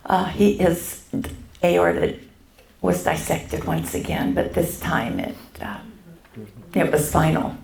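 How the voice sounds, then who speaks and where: Older woman, church testimony, unhurried and halting, roomy echoey church hall. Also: fairly low pitch, steady tone, vocal fry, darkish tone, slight background noise. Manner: halting, with many pauses and fillers. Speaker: church member sharing her testimony. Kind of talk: personal faith testimony.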